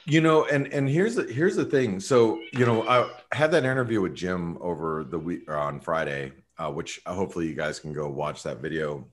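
Deep-voiced male host, loose and rambling, live trading webinar. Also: expressive, moderate pace, hardly any pauses, a little hiss or hum. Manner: rambling, many fillers, jumps in loudly. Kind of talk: casual market commentary.

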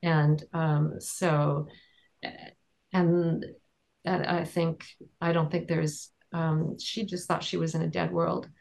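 A woman recounting courtroom testimony in conversation, speaking in a halting, measured way with many fillers and restarts. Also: low-pitched, flat delivery, vocal fry, darkish tone. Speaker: trial observer and advocate.

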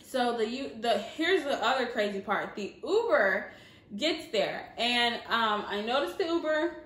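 Southern girl vlogging a storytime, kinda high voice, laughs a lot, echoey room. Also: measured pace. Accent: Southern American. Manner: animated, laughing storyteller with many fillers. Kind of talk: casual storytime.

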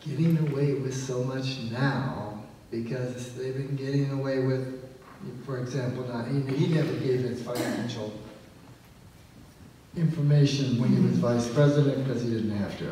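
A man in the audience asks a question, hesitant and searching for his words. His voice is mellow and dark. He sounds far from the mic, with heavy hall echo around him. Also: mid-range voice, slight background noise. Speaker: audience member asking a question. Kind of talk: question from the floor. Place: large museum auditorium.

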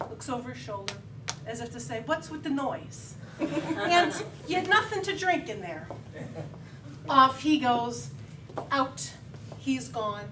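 A middle-aged woman giving a humorous contest speech, telling a lively story with laughing asides. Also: high-pitched. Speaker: contest speaker. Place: meeting hall with audience. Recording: echoey hall, distant mic, background noise.

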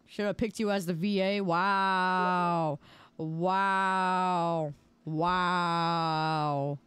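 A woman's voice: lowish voice, steady tone, extremely slow, a bit bright, smooth. A woman streamer playfully teasing her chat with mock-angry outbursts while gaming. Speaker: game streamer.

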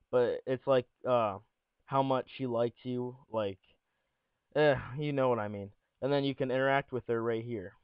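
A man's voice: medium pitch, smooth, no echo, lo-fi sound. Young man with jokey game commentary. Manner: jokey, rambling, showman intro. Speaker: gaming commentator.

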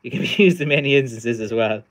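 A man's voice: medium pitch, quick pace, a bit bright. A middle-aged man, chatting tiredly on a livestream as its host, rambling with many fillers and restarts. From Ireland. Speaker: livestream host, stick maker. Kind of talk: casual livestream chat.

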